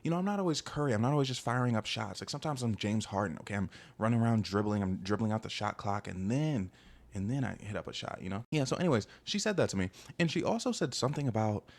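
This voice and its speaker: Young dude rambling thru a dating story, quick, lotta likes and you knows, lowish voice. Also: male voice, lively intonation. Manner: rambling and slangy, full of fillers. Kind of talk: casual storytelling.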